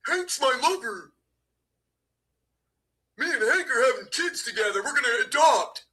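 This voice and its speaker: A man's voice: very high-pitched, animated, measured pace, pushed and bright, slightly rough, full character voice. A man putting on a shrieking, giddy caricature of a fawning guy. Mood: mocking. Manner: shrieking, cackling, exaggerated.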